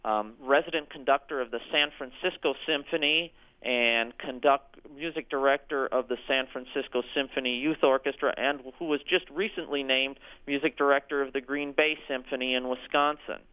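An orchestra executive director answering radio interview questions, hesitant, with frequent ums and restarts. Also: male voice, medium pitch, fairly even intonation, moderate pace, clean tone. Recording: tinny phone line.

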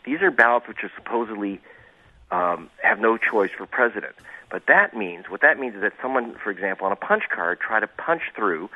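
Sarcastic deep-voiced man on a phone line. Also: lively intonation, moderate pace. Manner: sarcastic, digressive, many restarts. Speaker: investigative reporter guest. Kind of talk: phone-in radio interview.

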